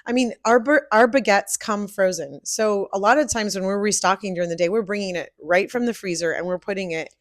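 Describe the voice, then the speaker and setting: A woman co-hosting a casual podcast, chatting about her grocery store job and chiming in with quick asides. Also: mid-range voice, no echo, studio quality. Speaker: podcast co-host and grocery store crew member. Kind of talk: casual chat.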